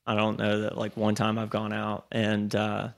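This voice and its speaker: A man, co-hosting a podcast in casual chat and telling animated, swear-laced stories. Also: fairly low pitch, normal speed, vocal fry. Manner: animated storyteller, swears freely. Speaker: podcast co-host.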